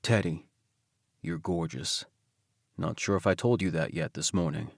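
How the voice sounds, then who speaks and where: A male audiobook narrator voicing a tender, protective husband, speaking softly. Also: a little slow, creaky, no echo, clean studio sound, full character voice. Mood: doting. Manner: soft, low, murmuring.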